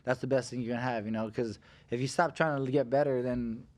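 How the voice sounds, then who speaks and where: A man's voice: medium pitch, fairly even intonation, brisk, a little mellow. A man in his thirties tells a story on a casual podcast with lots of energy. He acts out the voices of the people in it, and his voice sits in a middle register. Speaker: fighter guest.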